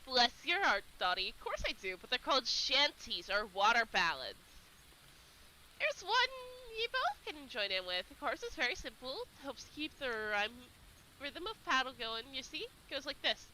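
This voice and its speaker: A woman's voice: high voice, very animated, moderate pace, pushed and bright, slight background noise, exaggerated voice, poor audio. A woman voicing a friendly, roguish male otter who talks in folksy slang in a storybook reading.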